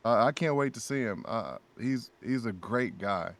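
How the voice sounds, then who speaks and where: A man guesting on a casual podcast, telling lively stories and acting out what his friends said. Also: medium pitch, moderate pace. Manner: animated storyteller who acts out friends' lines. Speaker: guest voice actor.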